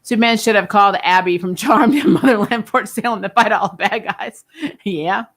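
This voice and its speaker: A woman's voice: medium pitch, normal speed, fairly bright tone. A young adult woman hosting a casual live-stream chat about TV shows, talking loosely, laughing often and trailing off mid-sentence. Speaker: host of a TV review channel.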